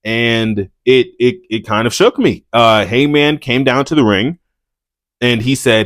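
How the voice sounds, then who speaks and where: A male wrestling reviewer talking off the cuff in a plain, mid-pitched voice. He rambles, swears a lot and stumbles over his words when he gets worked up. The sound is close and dry, with no room around it. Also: a little slow, a bit bright, dry recording. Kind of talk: casual profane commentary.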